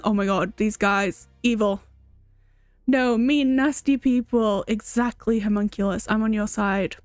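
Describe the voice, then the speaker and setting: A young adult woman streamer giving casual, expressive commentary and reacting to a game. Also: mid-range voice, unhurried, no echo, faint music behind.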